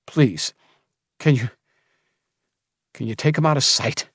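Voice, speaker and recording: A man's voice: mid-range voice, slow, slightly rough, no room sound, clean studio sound, voice pushed up. A man voicing a desperate young male survivor in an audiobook, pleading with a cracking voice.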